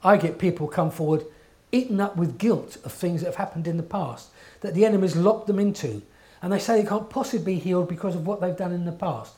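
A man's voice: high voice, fairly quick, warm tone. A man preaching a sermon in an earnest, emphatic way, often checking in with his listeners.

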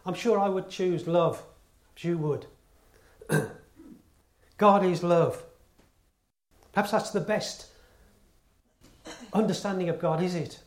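A man's voice: high voice, slow, long pauses, a little mellow. A man preaching a sermon in earnest tones, stressing his points through repetition and rhetorical questions. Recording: echoey room.

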